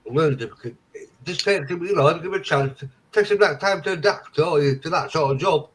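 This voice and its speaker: A man with a slightly high voice tells stories in casual chat. He swears freely and acts out both sides of remembered exchanges. He keeps it loose and conversational. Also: normal speed, low-quality recording. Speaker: friend in conversation.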